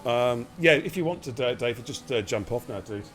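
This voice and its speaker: A man casually hosting a live online racing stream, relaxed and jokey as he talks to viewers. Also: medium pitch, brisk. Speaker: esports race league host.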